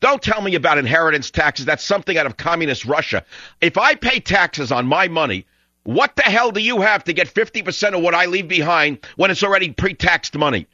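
A male talk radio host delivers a ranting monologue and breaks into loud outbursts. His voice is bright and sharp, with wide swings in pitch. The sound is dry but dull, like a lo-fi radio broadcast. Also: fairly quick, no room sound. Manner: animated ranting, bursts into loud shouting.

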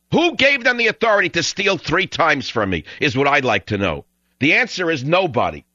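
A male talk radio host delivers a ranting monologue and breaks into loud outbursts. His voice is bright and sharp, with wide swings in pitch. The sound is dry but dull, like a lo-fi radio broadcast. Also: fairly quick, dry recording. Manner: animated ranting, bursts into loud shouting.

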